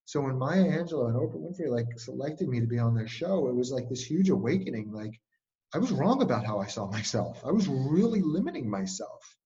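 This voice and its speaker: A man's voice: medium pitch, fairly quick, lo-fi sound. A man talking casually as an interview guest and speaking coach, telling stories with lots of filler words. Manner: energetic storytelling, frequent "like" fillers.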